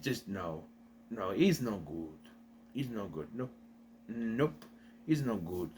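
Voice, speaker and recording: Bright, animated young man recapping a plot. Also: medium pitch. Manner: rambling, self-correcting. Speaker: video reviewer. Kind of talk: casual plot recap review.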